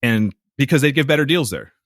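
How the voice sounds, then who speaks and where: A man who co-hosts a podcast speaks fairly quickly in a mid-range voice, swearing often as he tells a story in a casual, exasperated, animated way. The recording is clean studio sound without echo.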